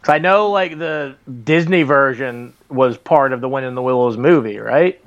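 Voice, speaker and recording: A man on a podcast who keeps asking questions to check details. He has a mid-pitched voice. His mic sounds somewhat dull and lo-fi. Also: normal speed. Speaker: podcast co-host. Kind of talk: casual chat.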